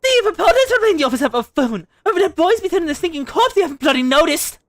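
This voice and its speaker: A man's voice: extremely high pitch, big pitch swings, dry recording, studio quality, voice pushed up. Man voicing a fierce domineering mother. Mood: brisk. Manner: scolding, brisk and overbearing. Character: fierce middle-aged mother, pan-wielding and domineering. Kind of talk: reading game dialogue aloud in voices.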